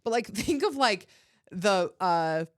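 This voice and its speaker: A woman's voice: mid-range voice, lively intonation, slow pace, no room sound, studio quality. A woman co-hosting a podcast, chatting casually and laughing often. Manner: giggly, easygoing, laughs often. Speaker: podcast co-host. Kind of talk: casual chat.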